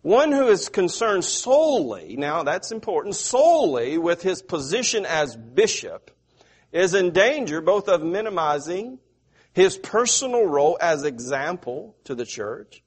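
Man, middle-aged preacher, slightly high voice, questions the congregation. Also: sing-song, breathy edge. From American South. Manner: slow, repetitive, asks the audience questions. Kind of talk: sermon.

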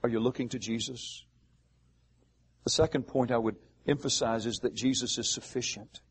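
A man pastor preaching a sermon, asking the congregation rhetorical questions and pausing for emphasis. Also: medium pitch, steady tone, husky.

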